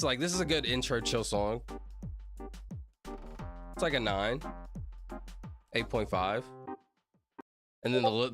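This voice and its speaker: A man's voice: medium pitch, a bit bright. A man chatting casually on a livestream, rambling, laughing often and apologizing a lot to his chat. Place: at his computer streaming.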